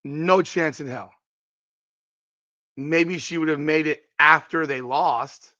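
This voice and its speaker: A man with a somewhat high voice gives emphatic sports commentary as a podcast host, pressing his points again and again. The sound is dull and lo-fi, in a dry, dead room. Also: slow, pushed and bright, no echo. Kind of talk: sports commentary reacting to a clip.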